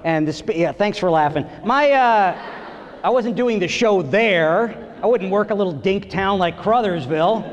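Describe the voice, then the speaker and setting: A middle-aged man performing a stand-up comedy set on stage, telling stories and acting out voices with big jumps in pitch. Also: moderate pace, muffled recording. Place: theater stage before a live audience. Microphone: stage microphone. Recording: live theater recording with long reverb.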